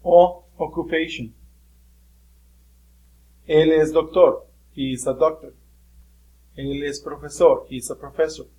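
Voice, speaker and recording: A man with a higher, mellow voice teaches a Spanish class at a moderate pace and fairly even intonation. He moves between English and Spanish, explaining patiently with some fillers, in a rough recording of the lesson.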